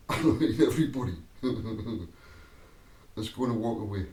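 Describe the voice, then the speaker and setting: A man with a mellow, fairly low voice speaks at a slow pace, telling the camera a wandering personal anecdote and breaking into laughter again and again. Recorded from a distance, the sound has a roomy echo.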